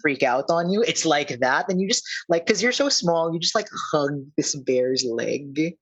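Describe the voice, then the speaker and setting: A man's voice: a little high, measured pace, fairly bright tone, husky, poor audio. A man narrating as game master of a tabletop game, hesitant and full of fillers. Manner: hesitant, many fillers and restarts.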